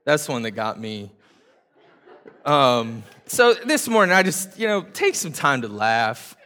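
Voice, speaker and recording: A man's voice: medium pitch, big pitch swings, normal speed, sharp tone. Rambling man in an echoing church hall. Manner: rambling, self-deprecating, many fillers and restarts. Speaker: church gathering leader. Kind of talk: casual joking talk to a congregation. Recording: reverberant hall sound.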